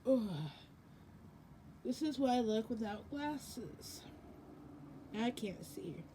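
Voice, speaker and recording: A woman's voice: a little high, animated, extremely slow, background noise. A young woman chatting casually through a product unboxing, rambling with lots of ums and self-corrections, sounding sleepy and yawning. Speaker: vlogger.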